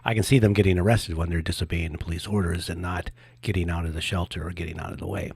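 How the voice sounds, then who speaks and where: A man co-hosting a casual political commentary show, skeptical and halting, with many restarts. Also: sits low, steady tone, creaky, a little mellow, breathy edge, dry recording. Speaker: co-host.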